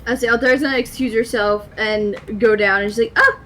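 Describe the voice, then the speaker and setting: A woman playing a tabletop game, excitable and laughing a lot. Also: fairly high pitch, fairly quick. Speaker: tabletop player.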